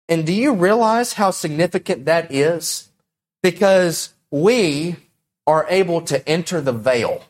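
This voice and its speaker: A male pastor preaching a sermon, emphatic and dramatic, shifting between loud, raised emphasis and low, quiet lines and acting out quotes. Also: animated, unhurried. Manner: acts out quotes in different voices.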